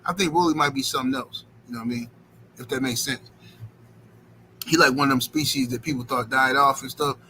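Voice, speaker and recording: A man's voice: mid-range voice, a little fast, sharp tone, slight background noise, rough recording. A man hosting a boxing livestream, rambling in slangy casual chat and filling it with "you know what I'm saying.".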